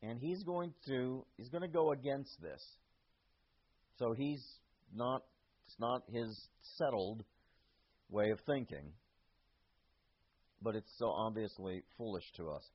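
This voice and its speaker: A man preaching a verse-by-verse sermon, slow and deliberate, often speaking the verses' author in first person. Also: medium pitch, lively intonation, husky, dull audio.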